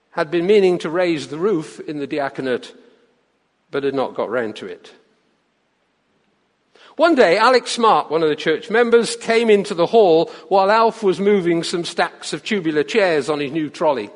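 Lively preacher with an animated voice. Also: male voice, fairly high pitch. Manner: lively, storytelling with expressive swings. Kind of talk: sermon with a read-aloud story. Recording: long reverb of a large church hall.

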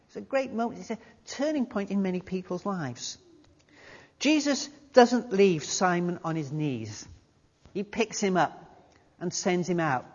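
A middle-aged preacher gives a conversational sermon, restarting phrases and reading quotations aloud. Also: medium pitch. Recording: dull recording in reverberant hall.

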